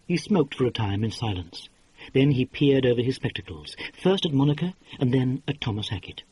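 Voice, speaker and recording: A man reading a classic mystery novel aloud as an audiobook, in an expressive style. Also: mid-range voice, a little fast, slight background noise. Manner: expressive, acted. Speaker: audiobook narrator. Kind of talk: scripted narration.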